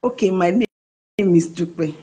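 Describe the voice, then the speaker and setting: A woman's voice: on the low side, a little slow, warm tone, husky. A woman in her forties with a Nigerian Yoruba accent, calling in over a video call, nervous, giggly and hesitant. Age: 40s. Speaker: caller.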